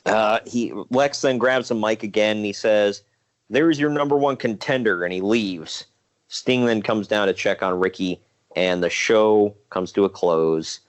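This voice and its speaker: A man co-hosting a podcast, casually recapping old wrestling shows in a rambling, relaxed way with fillers. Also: fairly low pitch, measured pace. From Ohio. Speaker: podcast co-host.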